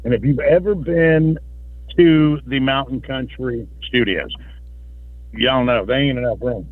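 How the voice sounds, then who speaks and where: A man, a radio host broadcasting live on location, folksy and pitchman-like, a little out of breath. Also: measured pace, no echo. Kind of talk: live remote radio promo. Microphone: phone line. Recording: tinny phone-line remote feed.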